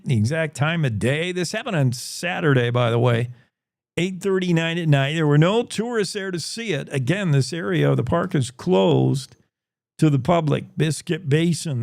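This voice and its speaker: Man, news show host, joking, rambling asides, fairly high voice, dead dry sound. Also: moderate pace, vocal fry, a little mellow, no echo. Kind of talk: casual news commentary.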